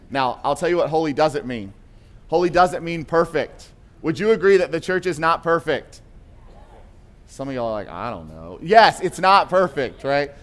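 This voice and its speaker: Male pastor, slightly high voice, chatty sermon with rhetorical questions. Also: a bit bright. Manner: conversational preaching with rhetorical questions and tag "right?".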